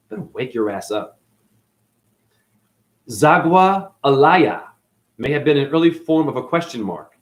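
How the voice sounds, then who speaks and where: A man hosting a rambling esoteric monologue, jumping between wordplay and sudden loud and soft swings, calling his listeners honey. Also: mid-range voice. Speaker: channel host.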